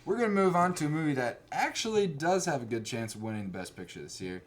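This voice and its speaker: A man hosting a casual chat, talking in an animated, rambling way. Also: fairly high pitch, fast. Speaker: host.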